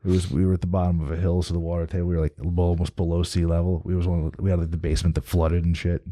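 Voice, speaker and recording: Deep, dark-voiced man telling stories. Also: level tone, rapid-fire, dry recording, studio quality. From New Jersey. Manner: profane, rambling, with many restarts. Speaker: guest. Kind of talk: casual storytelling.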